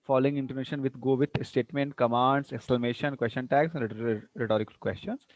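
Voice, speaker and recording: This university English lecturer talks quickly in a steady, medium-pitched voice, captured in a muffled recording without echo. Teaching online, he patiently explains and repeats examples with exaggerated rising and falling tones, peppering his speech with "you know" and "see."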